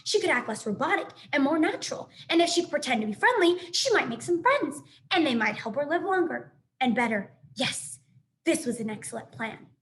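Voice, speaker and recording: Woman, teacher, children's read-aloud, encouraging, higher voice. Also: big pitch swings, fairly quick. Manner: warm, encouraging, speaks directly to students. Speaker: elementary school teacher.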